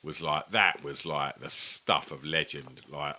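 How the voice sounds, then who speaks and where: Deep-voiced sweary man telling stories. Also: fairly even intonation, a little slow, bright, forceful tone. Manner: rambling, sweary, chatty storytelling. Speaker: podcast co-host. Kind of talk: casual chat over beers.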